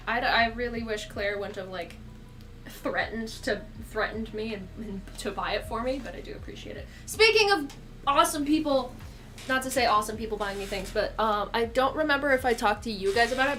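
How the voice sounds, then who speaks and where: Bright young woman chatting on stream. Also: a little high. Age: young adult. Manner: swears a lot, chatty, laughs often, scolds her cat. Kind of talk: casual live-stream chat.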